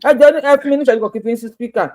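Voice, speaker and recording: A high-pitched Nigerian woman speaks directly to her viewers in an urgent plea. She begs again and again, racing through some lines and drawing others out slowly. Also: darkish tone. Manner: pleading, begging, repetitive; shifts between fast talk and slow drawn-out appeals. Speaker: social media creator. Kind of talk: impassioned plea to camera.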